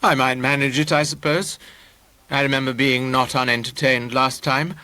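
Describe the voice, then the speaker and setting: A man voicing a pompous, self-important painter who speaks in grand, measured tones. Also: medium pitch, steady tone, bright, forceful tone, dry recording, close to an everyday voice.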